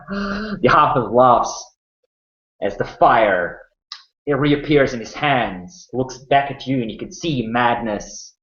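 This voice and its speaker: Slow, dramatic game-master man. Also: medium pitch, expressive, fairly bright tone. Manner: slow, dramatic storytelling with small restarts. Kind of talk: narrating a tabletop game. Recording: dull, roomy sound.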